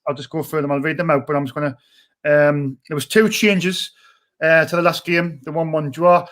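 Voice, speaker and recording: A man's voice: fairly high pitch, steady tone, fairly bright tone. A man opening a fan live stream and chatting loosely, reading out a team list. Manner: loose, halting, reads lists out plainly. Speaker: host. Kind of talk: casual live-stream chat.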